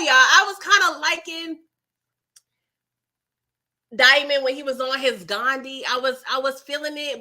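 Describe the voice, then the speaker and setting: Woman host with a bright, sharp voice, telling a show recap in a slangy, expressive way. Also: sits high. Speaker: TV recap vlogger. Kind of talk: casual episode recap commentary.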